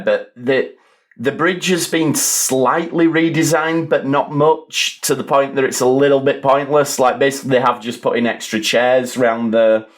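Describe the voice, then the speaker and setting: Man, podcast host, rambling casual chat, dry humor, mid pitch. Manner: chatty, rambling, dry asides.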